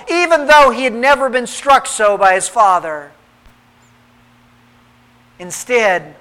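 A man narrating a story in a measured, dramatic way, with pauses. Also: high-pitched, sharp tone, low-quality recording.

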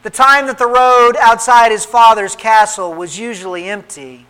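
High, bright-voiced male storyteller. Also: steady tone, smooth, poor audio. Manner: measured, dramatic, with pauses. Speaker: narrator. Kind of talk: dramatic story reading.

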